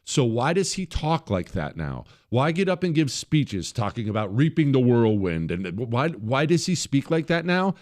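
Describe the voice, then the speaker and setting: A man's voice: medium pitch, big pitch swings, moderate pace, hardly any pauses, darkish tone. A man hosting a political talk radio show, delivering a combative, sarcastic monologue that repeats phrases for emphasis.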